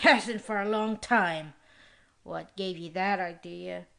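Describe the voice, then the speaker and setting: A woman's voice: lowish voice, slow pace, vocal fry, a bit bright, exaggerated voice. A woman reading an audiobook, voicing a whining, guilty middle-aged man who owns a hotel. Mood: curt, hostile. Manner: whining, defensive.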